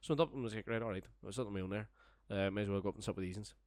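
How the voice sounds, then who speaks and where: A young man spins a meandering, foul-mouthed anecdote in relaxed podcast chat. His voice sits low, and the sound is dry and close with no room around it. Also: very fast, dry recording. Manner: rambling, sweary, laughing storyteller. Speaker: storyteller guest.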